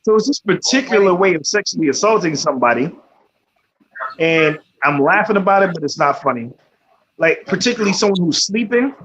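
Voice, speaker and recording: A man's voice: sits high, animated, fairly quick, fairly bright tone. Blunt, profane man on talk radio. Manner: blunt and profane, peppered with "you know what I'm saying". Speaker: radio talk show host. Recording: slightly muffled, faint background noise.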